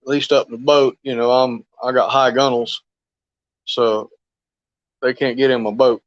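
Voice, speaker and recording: A man's voice: mid-range voice, flat delivery, moderate pace, no room sound. Folksy male fishing streamer, rambling and chuckly; dry, dull lo-fi audio. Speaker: fishing live stream host. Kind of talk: casual live stream chat.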